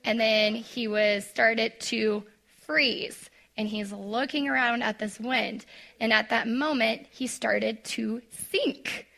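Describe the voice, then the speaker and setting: Chatty woman Bible study leader, bright and a bit gravelly, talks straight to her group. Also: on the high side, fairly even intonation, slow pace. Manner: chatty, lots of "like", acts out quotes; talks to the audience directly. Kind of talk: casual devotional teaching.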